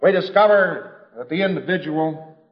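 A man's voice: a little high, moderate pace, lo-fi sound. A man giving an informal lecture in a conversational, wry storytelling manner, slipping into quoted voices.

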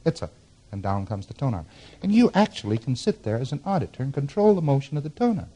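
Man, instructor, classroom lecture, explains diagrams, chuckles, acts out examples, mid pitch. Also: big pitch swings, quick pace, dark tone, slightly rough.

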